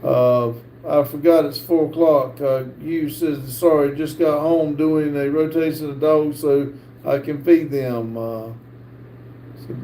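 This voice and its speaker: A man's voice: on the high side, fairly even intonation, mellow. Middle-aged man with a North Carolina accent. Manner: reads viewer comments aloud, halting with frequent "uh". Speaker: live-stream host. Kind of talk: casual live-stream chat. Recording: echoey room with faint background hiss.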